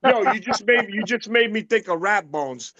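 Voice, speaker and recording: A man's voice: high-pitched, animated, moderate pace, sharp tone, no room sound, lo-fi sound. Tough-talking New man, profane. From New York City. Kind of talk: casual podcast chat over video call.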